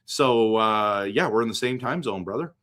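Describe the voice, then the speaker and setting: A man's voice: fairly low pitch, normal speed, a bit bright. A man from western Canada hosting a casual hockey live stream, thinking aloud as he picks and answers viewer comments. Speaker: hockey livestream host.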